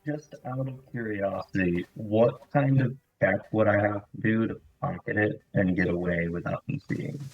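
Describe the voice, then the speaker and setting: A man's voice: on the low side, moderate pace, few pauses, husky, muffled recording. A man playing a tabletop role-playing game, asking about rules and jumping into a mock-polite in-character voice. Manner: curious, jokey, slips into a mock-posh character voice. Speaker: player.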